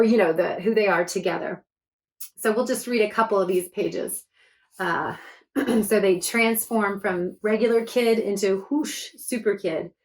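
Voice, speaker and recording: A woman author reading her book aloud to children, chatty and enthusiastic between passages. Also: medium pitch.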